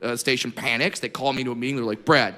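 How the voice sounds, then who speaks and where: A man from Southern California doing a stand-up comedy set on stage, telling stories in a brash, profane, animated way. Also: medium pitch, fast talker, big-room sound. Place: comedy stage before an audience. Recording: live set with clear background noise.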